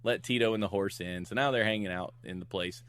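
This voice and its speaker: A man's voice: fairly low pitch, fast talker, fairly bright tone. A middle-aged man recapping a movie on a podcast, laughing often and acting out the characters' lines as he goes. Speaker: podcast co-host recapping a film. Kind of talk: casual chat.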